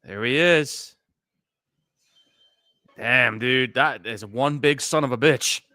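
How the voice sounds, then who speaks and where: A man co-hosting live movie commentary, chatting with excitable, laughing banter. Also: mid-range voice, takes it slowly, no room sound. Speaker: co-host.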